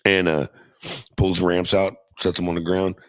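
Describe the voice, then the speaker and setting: A man's voice: low-pitched, flat delivery, normal speed, clear, resonant tone, dry recording. A middle-aged man casually telling a profane, laughing story from his youth as a podcast guest.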